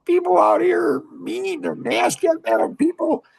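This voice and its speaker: Man playing a distressed twelve-year-old girl, tearful, pitched far above his own voice. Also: gravelly, darkish tone, full character voice. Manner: high, tearful, rushed complaint.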